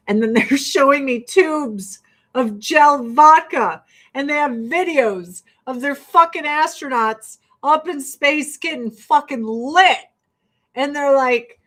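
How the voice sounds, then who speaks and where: A woman from the United States chatting casually while getting ready, telling stories in a profane, animated way. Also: high-pitched, takes it slowly. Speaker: vlogger.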